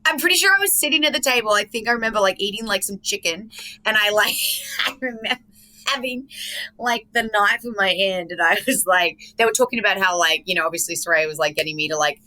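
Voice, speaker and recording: Aussie woman on a podcast, bright voice, rambly and giggly. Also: medium pitch, expressive, fast, low-quality recording. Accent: Australian. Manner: chatty, lots of fillers and laughter. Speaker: guest. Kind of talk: casual podcast chat.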